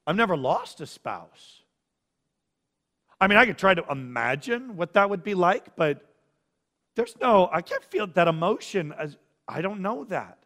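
A man's voice: high voice, pushed and bright, long reverb tail. A man preaching a sermon as a pastor, earnest, acting out the feelings of the people he quotes.

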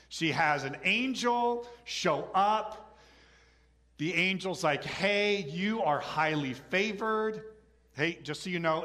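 A middle-aged man delivering a sermon in a chatty, animated style. His voice sits a little high and sounds bright and forceful. He often slips into quoted voices to act out scenes. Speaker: pastor.

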